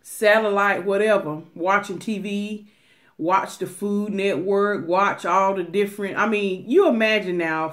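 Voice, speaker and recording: A woman from Atlanta, chatting casually to her viewers in a mukbang vlog, animated and talkative, sometimes dropping to a whisper. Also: medium pitch. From Atlanta, USA. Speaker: mukbang vlogger.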